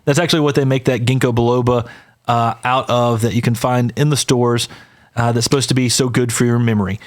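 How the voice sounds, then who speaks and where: A man's voice: mid-range voice, steady tone, a little fast. Enthusiastic man with a mid-range voice. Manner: enthusiastic, says "y'all". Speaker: podcast co-host. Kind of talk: casual podcast chat.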